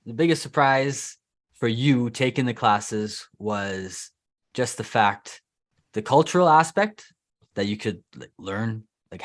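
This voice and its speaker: Chatty male English teacher hosting. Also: medium pitch. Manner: relaxed, chatty, many "mm-hmm" backchannels. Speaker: English teacher and interview host. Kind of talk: casual interview chat.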